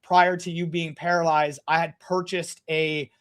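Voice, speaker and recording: Male podcast guest with a high-set voice, blunt and profane, animated anecdotes. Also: a little slow. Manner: blunt, heavy swearing, animated retelling. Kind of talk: casual storytelling chat.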